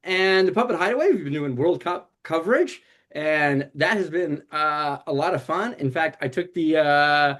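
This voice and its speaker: A middle-aged man, a puppeteer, telling stories in a casual interview, animated and full of fillers. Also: a little high, moderate pace. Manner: animated, many fillers and voiced quotes. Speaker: puppeteer guest.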